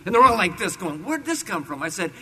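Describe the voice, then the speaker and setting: A man from California telling a lively, self-deprecating story as a preacher, building to emphatic bursts. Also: high voice, brisk, breathy edge. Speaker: preacher sharing a testimony. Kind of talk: storytelling sermon.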